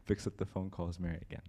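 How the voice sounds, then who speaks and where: A young man with a deep voice tells a story fairly quickly during a church talk, playing out each person he quotes with lively flair. A little hiss or hum is audible in the recording.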